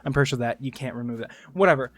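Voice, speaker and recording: A man's voice: medium pitch, rapid-fire, dry recording, faint music behind. A man chatting casually on a gaming livestream, rambling, joking and swearing. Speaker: streamer.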